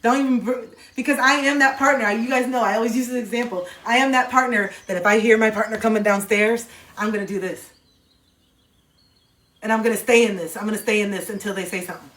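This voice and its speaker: A woman hosting a casual livestream chat, playful and animated, now and then breaking into silly sound bits. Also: a little high, quick pace. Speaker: livestream host talking to chat. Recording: echoey room.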